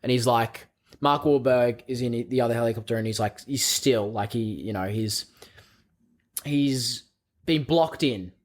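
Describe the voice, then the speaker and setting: A man's voice: mid-range voice, measured pace. A man co-hosting a podcast, chatting casually about a film, rambling and swearing often with bursts of laughter. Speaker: podcast co-host. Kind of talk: casual film review chat.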